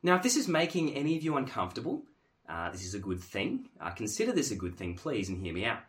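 A man preaching a sermon in an earnest, emphatic way, dropping to hushed tones and then rising to forceful stress. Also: medium pitch, big pitch swings, fast.

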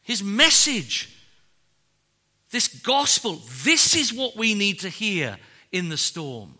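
A man preaching a sermon, swinging from loud declarations to hushed, drawn-out phrases. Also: sits high, wildly swooping pitch.

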